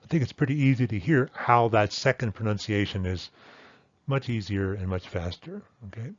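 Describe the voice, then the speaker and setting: A man teaching a language lesson, explaining patiently and repeating example words slowly and carefully. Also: fairly low pitch, dry recording. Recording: dull lo-fi dry sound.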